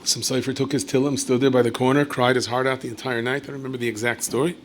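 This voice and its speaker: A man, a rabbi, giving a storytelling Torah lecture in a conversational way with asides and self-corrections, and he jumps up in pitch and volume when acting out quotes. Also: fast, slight background noise. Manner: animated storyteller who leaps high and loud when acting out quoted speech.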